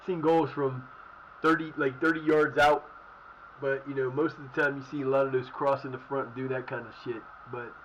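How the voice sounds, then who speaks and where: A man's voice: medium pitch, a bit bright, highs cut off, a little hiss or hum. A man streaming a football management game and cursing out his own team in angry rants. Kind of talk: live-stream gameplay commentary.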